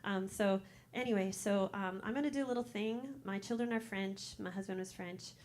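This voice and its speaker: A woman's voice: mid-range voice, normal speed, darkish tone. A woman in her fifties with a Minnesotan accent, chatting nervously and rambling before her poem at an open mic in a coffee shop. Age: 50s. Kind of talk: casual chat before a poem.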